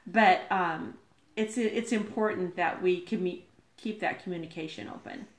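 A woman's voice: on the low side, moderate pace. Sociable woman laughing in a roomy space. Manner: sociable, laughs often, earnest. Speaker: guest. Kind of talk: casual conversation.

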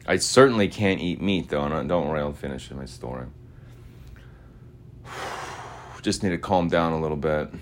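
A low-pitched man from Utah talking to himself in a loose, wandering monologue. He gets loud and repetitive at times and then drops into quiet mumbling. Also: moderate pace, long pauses, a little hiss or hum. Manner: restless, repetitive, swings between loud chanting and mumbling asides. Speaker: podcaster. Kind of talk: rambling monologue voice message.

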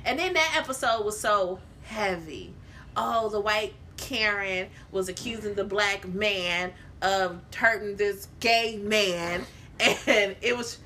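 A young woman from Chicago in casual chat as a podcast co-host, animated and laughing through playful rants. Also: medium pitch, takes it slowly, slight background noise.

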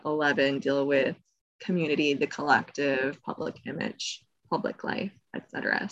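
Low-voiced chatty woman podcast host. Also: fairly bright tone, no room sound, lo-fi sound. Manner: chatty, laughs often, drifts into side tangents. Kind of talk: casual explanatory chat.

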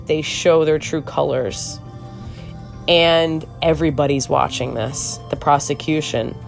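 A woman's voice: low-pitched, fairly even intonation, measured pace, creaky, soft background music. A woman hosting a true crime podcast, giving outspoken, rambling commentary with swearing and many restarts. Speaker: podcast host.

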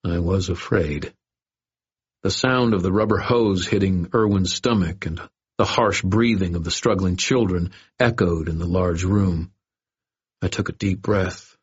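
A man reads a first-person story in a very deep, husky voice, steady and dry with a wry edge. The recording is dull and lo-fi. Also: a little slow. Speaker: audiobook narrator. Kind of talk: scripted first-person narration. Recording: dull lo-fi audio.

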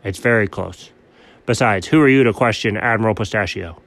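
A pompous, dreamy cartoon dog, as a man puts him on speaks low and grandly. He talks like a self-appointed sea admiral in a comedy sketch. The recording is close and dry. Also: a little fast, gravelly, fairly bright tone, no room sound. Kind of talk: comedic two-character sketch.

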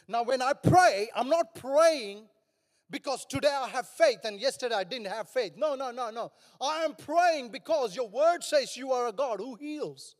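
An older man preaching with fervor, his voice unusually high for a man and climbing into shouts as he presses his point. The sound rings with a long reverb, as in a large church hall. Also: animated, moderate pace. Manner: passionate, rising to shouts. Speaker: pastor. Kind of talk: sermon.

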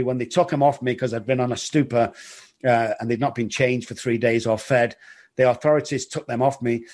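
A middle-aged man speaking in a mid-range voice. He tells his story earnestly as an interview guest, halting now and then and repeating words. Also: mid-range voice, darkish tone. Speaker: guest in recovery.

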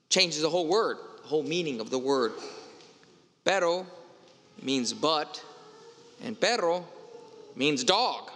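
A pastor preaches a Sunday homily in a conversational, storytelling manner, slipping in playful asides. His voice sits a little high and sounds bright and forceful, carried by the long reverb of a church hall. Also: slight background noise.

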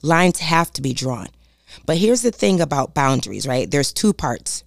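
A self-help speaker with a low voice gives a preachy, emphatic motivational talk on boundaries, calling her listeners "y'all" and hammering her key points again and again. Her pitch swings widely, she moves at a moderate pace with some vocal fry, and the recording is dry and studio-clean.

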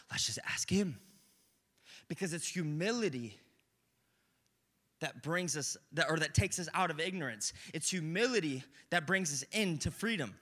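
A young man preaching a sermon in a conversational, animated way, swinging between loud bursts and hushed moments. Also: on the high side.

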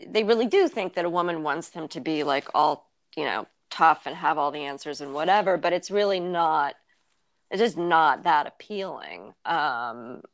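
Candid midlife woman, lowish voice. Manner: thoughtful, candid, with many fillers and restarts. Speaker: guest, writer and blogger. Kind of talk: casual interview conversation.

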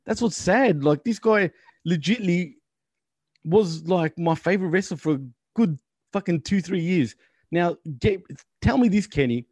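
Profane, ranting man, fairly high voice. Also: lively intonation, a little slow, darkish tone, husky, no room sound. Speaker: podcast co-host. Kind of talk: casual wrestling chat.

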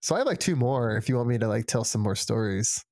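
A young man spins a rambling tale on a casual podcast, leaning on fillers and little acted-out quotes. His voice sits at an ordinary pitch and sounds dry and close, with no room around it. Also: animated, fast talker, a little mellow, dry recording. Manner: rambling storyteller, filler-heavy, acts out quotes. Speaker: podcast co-host telling a story. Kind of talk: casual chat.

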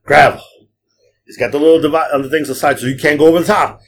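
A podcast host who also drives rideshare tells long, profane, rambling stories in a casual chat, acting out the people he quotes. His voice sits fairly high with fairly even intonation, and he races along. There's slight background noise.

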